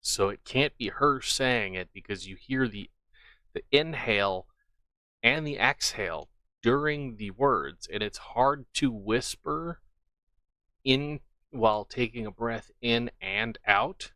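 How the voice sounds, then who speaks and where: A man's voice: medium pitch, expressive, slow, bright, forceful tone, no echo. A man earnestly recounting odd events at home and commenting, often repeating himself. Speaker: channel host. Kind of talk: casual storytelling and commentary.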